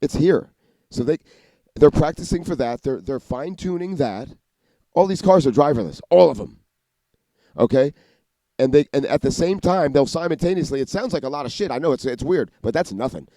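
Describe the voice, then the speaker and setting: Mellow-voiced man ranting fast. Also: a little high, animated, dry recording. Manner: rapid, profane, restarts and jumps between ideas. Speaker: vlogger. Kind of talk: rambling monologue to camera.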